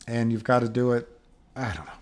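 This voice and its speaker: A man's voice: medium pitch, fairly quick. A middle-aged man hosting a livestream, chatting casually and rambling through viewer comments with frequent chuckles. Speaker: livestream host.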